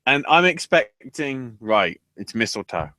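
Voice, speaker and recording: A man's voice: medium pitch, big pitch swings, a little slow, pushed and bright, dry recording. A man co-hosting a podcast in casual, profane chat, often acting out quoted lines. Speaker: podcast co-host.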